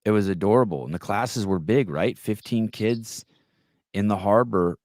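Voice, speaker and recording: A man hosting a podcast, chatting casually and telling stories with quick back-and-forth retorts. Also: lowish voice, no room sound, studio quality. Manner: animated storyteller, quick retorts. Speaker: podcast host. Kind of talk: casual chat.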